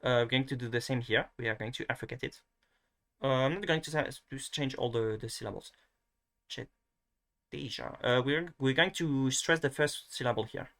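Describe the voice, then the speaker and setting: A man with a bright, forward voice talks through a casual screen-share lesson. He hesitates often, restarts his sentences and fills the gaps with ums. Now and then he pokes fun at himself. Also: medium pitch, brisk. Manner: hesitant, many restarts and fillers; self-mocking. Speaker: video tutor.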